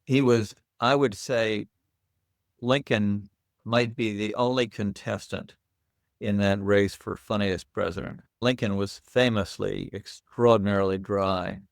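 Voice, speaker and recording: Gravelly low-voiced older man. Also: measured pace, dry recording, clean studio sound. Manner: lively anecdotal storyteller. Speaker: guest. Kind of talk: casual interview storytelling.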